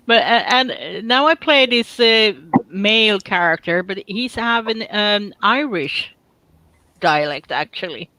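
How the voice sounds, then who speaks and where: A woman's voice: medium pitch, lively intonation, slow, pauses often, bright, forceful tone, low-quality recording. A woman from Sweden, chatting casually and teasingly on a livestream, giggling often. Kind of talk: casual chat.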